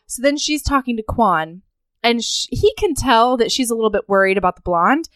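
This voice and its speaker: A woman co-hosting a casual podcast, telling a novel's plot with lively energy and plenty of laughter. Her voice sits high and sounds smooth and clear, recorded dry and close. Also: normal speed, no room sound. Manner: animated, laughs often, acts out character lines. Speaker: podcast co-host. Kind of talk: casual chat recapping a novel.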